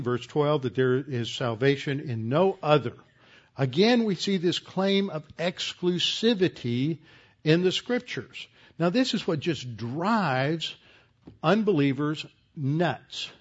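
A man preaching a verse-by-verse sermon, slowing down with frequent pauses and then pressing his points firmly. His voice sits mid-pitch, and the recording sounds a little dull and lo-fi. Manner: deliberate teaching with many "uh" pauses, rising to emphatic. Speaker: pastor. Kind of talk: expository Bible teaching sermon.

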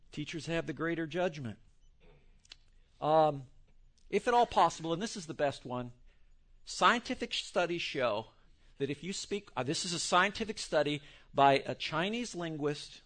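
A man's voice: fairly high pitch, a bit bright. A man preaching a sermon, wandering into joking asides as he goes. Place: church in Texas.

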